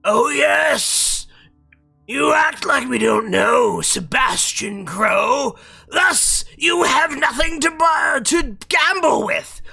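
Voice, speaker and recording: A man's voice: extremely high pitch, expressive, slow pace, vocal fry, pushed and bright, soft background music, pitched above the performer's own voice, full character voice. A man voicing a pompous, monocled demon gorilla marquis who speaks with menace. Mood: menacing.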